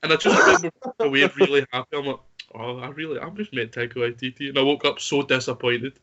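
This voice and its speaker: A young man telling a story in a casual podcast chat among friends, excitable and chatty. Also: mid-range voice, quick pace, highs cut off, over a noisy crowd. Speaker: podcast co-host.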